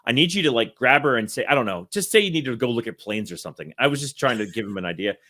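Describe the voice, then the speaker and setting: Speaking very fast in a pushed, bright medium-pitched voice, this interview guest in his thirties rambles through a long story. His intonation is lively, and he keeps laughing and correcting himself as he tells it casually.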